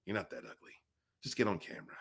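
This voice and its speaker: A man's voice: fast talker, fairly bright tone. A man hosting a casual livestream podcast, chatting nonstop, rambling and greeting viewers in the chat by name.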